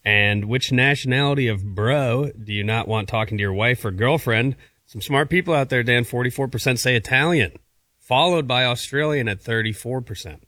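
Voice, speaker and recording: A man's voice: medium pitch, moderate pace, bright, forceful tone, no echo. A man co-hosting a sports talk show, reading poll numbers with dry wit. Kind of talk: casual radio chat.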